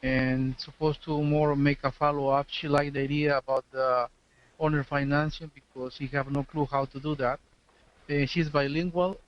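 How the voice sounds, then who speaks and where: A man on an online coaching call, answering in a halting, careful way with non-native phrasing. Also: fairly high pitch. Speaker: coaching student. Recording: dull lo-fi call audio.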